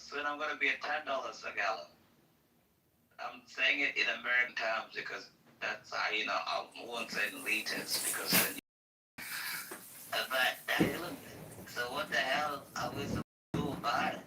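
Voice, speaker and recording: Male guest, heated and profane, bright edge, roomy distant mic. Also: mid-range voice, slight background noise. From Australia. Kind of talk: casual political chat.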